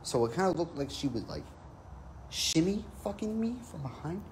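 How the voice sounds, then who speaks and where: A man's voice: fairly high pitch, very animated, normal speed, darkish tone, a little hiss or hum. A man telling a rambling, profane comic anecdote in a casual storytelling style.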